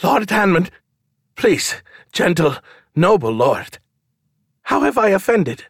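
A man's voice: high-pitched, big pitch swings, slow pace, vocal fry, husky, dry recording, studio quality, voice pushed up, exaggerated voice. A man voicing a foppish, haughty young man who turns stammering and fawning. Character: foppish pretty man, bored then groveling.

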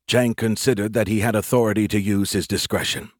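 A male narrator reading an audiobook in a measured, wry manner. His voice sits on the lower side, and the recording is close and dry, with no room around it. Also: fairly even intonation, no echo. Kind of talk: scripted narration.

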